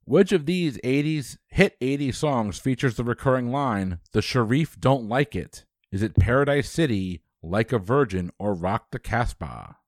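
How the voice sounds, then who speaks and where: A man hosting a trivia quiz, reading questions briskly and dropping dry quips. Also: medium pitch, animated, dry recording.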